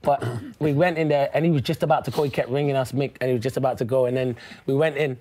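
Fast-talking laughing man. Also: mid-range voice, fairly even intonation, warm tone. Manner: chatty, laughing storyteller. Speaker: former footballer guest. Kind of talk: casual studio chat. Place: studio.

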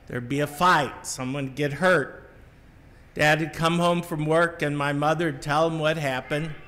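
A middle-aged man from the Midwest preaches a homily in a slow, reflective voice that sits a little high. He tells his story in a measured way and sometimes restarts a phrase. His voice carries the long reverb of a large church. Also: fairly even intonation, sharp tone. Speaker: Catholic priest giving a homily. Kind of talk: sermon.

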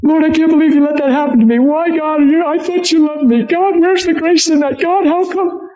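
A preacher mimicking a whiny self-pitying believer. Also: male voice, very high voice, steady tone, brisk, a little mellow, echoey room, voice pushed up. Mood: whining. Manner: pleading, raised whine. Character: whining, self-pitying churchgoer complaining to God.

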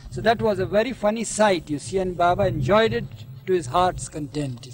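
A man's voice: high voice, moderate pace, rough recording. A man telling anecdotes in an interview, talking at an easy pace and often adding "you see". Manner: leisurely, with frequent filler "you see". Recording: archival 1971 interview recording.

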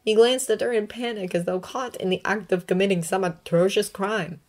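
A woman reading a fanfiction story aloud with expressive, emotive delivery. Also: medium pitch, normal speed. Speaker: reader.

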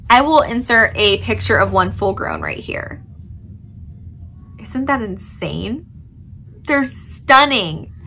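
A woman's voice: mid-range voice, big pitch swings, slow pace, gravelly, long pauses, pushed and bright, slight background noise. A woman vlogger gushing dramatically over a new plant, yawning and sleepy despite her coffee. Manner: gushing, dramatic, swearing casually. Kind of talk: excited unboxing vlog.

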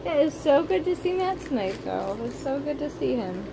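High-pitched mom filming her kids at home, baby talk, gets soft and tired late at night, bit of background hiss. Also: very animated, moderate pace, gravelly. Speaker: mother and family vlogger. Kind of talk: casual home video chat.

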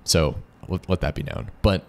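A man's voice: low voice, moderate pace, gravelly, darkish tone. A man with an American accent co-hosting a casual business discussion, adding points and using analogies, with frequent restarts. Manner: adds points, restarts phrases, uses analogies. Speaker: lending company co-host.

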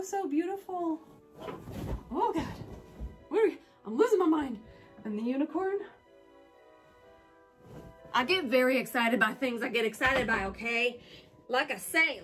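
A woman with a fairly high voice talks casually through a haul video. She gushes and gets excited, often slipping into squeals and chatty asides. Soft music plays quietly underneath. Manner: gushing and excitable, squealing over items; chatty with self-corrections and asides. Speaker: home and collectibles vlogger. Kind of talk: casual product haul chat.

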